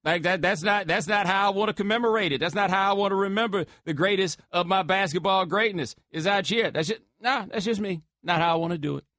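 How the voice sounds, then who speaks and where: A man's voice: high voice, fast talker, hardly any pauses, a bit bright, dry recording, studio quality. A man hosting a sports talk radio show, taking callers in a casual, slangy way. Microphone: studio microphone.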